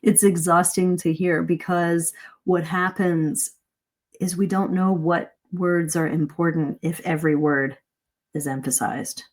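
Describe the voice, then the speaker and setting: Middle-aged woman coach, low-ish voice, animated live-stream lesson. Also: measured pace. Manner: lively, varies pace and emphasis to demonstrate. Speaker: English speaking coach.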